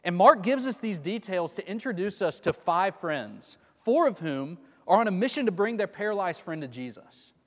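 High-voiced man preaching in echoing hall. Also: very animated, normal speed, few pauses. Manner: conversational, asks listeners rhetorical questions. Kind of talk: sermon. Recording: long reverb of a large hall.

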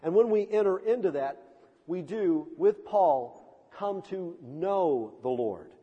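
A man's voice: high voice, expressive, slow pace, husky, highs cut off. A male pastor preaching a sermon with impassioned, emphatic delivery and dramatic swells, heard in a church sanctuary with a long reverb.

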